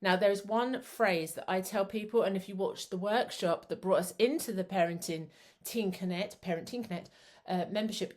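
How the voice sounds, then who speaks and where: A middle-aged woman, a psychotherapist giving a chatty, rambling talk that teaches parents. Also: medium pitch. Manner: chatty, rambling, self-described waffler.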